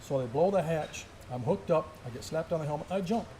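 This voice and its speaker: A man's voice: on the high side, animated, brisk, dark tone, slight background noise. A middle-aged man, a former Special Forces soldier, telling a war story in casual chat and laughing through his words. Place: gun shop.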